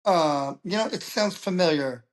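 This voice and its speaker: A middle-aged man, a public speaker, talking as an interview guest and telling stories in a lively way. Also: on the high side, normal speed. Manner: animated storyteller who acts out quoted voices. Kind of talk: casual interview talk.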